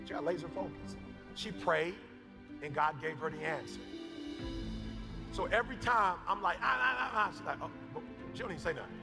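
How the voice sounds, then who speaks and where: A man preaching an impassioned motivational sermon, shouting, repeating phrases and calling on his listeners. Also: a little high, a little fast, vocal fry, long pauses. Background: background music.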